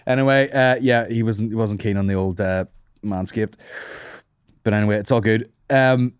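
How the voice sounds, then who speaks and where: A young man rambles through a comedic podcast monologue, swearing freely and laughing at his own jokes. His voice sits on the low side. The recording is dry and close, with no room sound. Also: moderate pace, clean tone, no echo.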